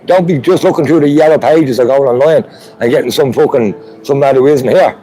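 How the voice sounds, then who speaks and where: A man's voice: mid-range voice, a little fast, mellow, soft background music, low-quality recording. A man with an Irish accent hosting a live stream from a street protest, chatting with viewers. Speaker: livestream host. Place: outdoor street protest with trucks. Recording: crowd noise behind. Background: crowd and vehicle noise.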